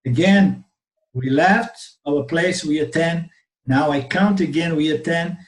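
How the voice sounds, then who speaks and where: A slightly high-voiced man with a Brazilian Portuguese accent, whose first language is Portuguese, tells a parable as a spiritual teacher in an online class. He keeps the story animated and often checks in with "okay?". The audio carries a noticeable room echo. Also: unhurried. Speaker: Vedanta teacher. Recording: roomy webinar audio.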